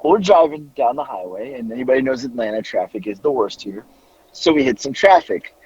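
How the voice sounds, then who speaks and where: A man's voice: medium pitch, lively intonation, brisk, a little mellow, breathy edge, lo-fi sound. A man in his forties telling a long, profane story in a rambling, casual way on a podcast. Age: 40s. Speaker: podcast co-host.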